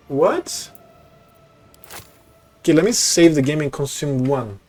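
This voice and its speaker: A young male streamer talks casually over his game, reading text aloud and cursing now and then. His voice is mellow and dark in tone. Soft music plays faintly in the background. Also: on the high side, animated, slow, pauses often, poor audio. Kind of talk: casual gameplay commentary.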